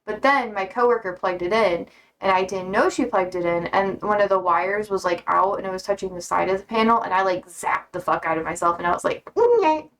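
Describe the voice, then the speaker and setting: A young woman streamer chatting casually, reading out viewer comments, blunt and quick to swear and laugh. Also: mid-range voice, fairly bright tone.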